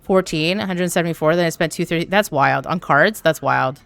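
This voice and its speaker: A young woman from Canada chatting casually on a live stream while gaming, talking to her chat with an animated, swearing manner. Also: sits low, a little fast, creaky, dry recording. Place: home room.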